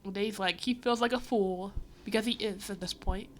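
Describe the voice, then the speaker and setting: A woman's voice: mid-range voice, fairly even intonation, moderate pace. A woman livestreaming as she reads a comic, giving a rambling, wry running commentary full of fillers. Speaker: livestreamer reading a comic aloud.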